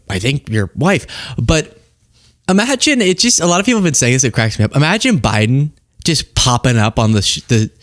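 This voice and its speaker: A man's voice: medium pitch, no echo, clean studio sound. Sarcastic man hosting political commentary. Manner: sarcastic, animated, laughs while talking.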